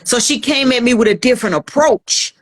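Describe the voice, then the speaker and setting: A woman's voice: fairly high pitch, fairly quick. Woman telling her life story. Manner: earnest storytelling, acts out quoted voices. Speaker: guest. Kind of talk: personal testimony in a podcast interview.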